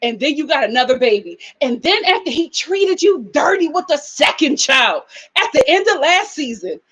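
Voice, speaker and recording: Woman host, live aftershow commentary; high voice, animated, mimics people. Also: normal speed, poor audio.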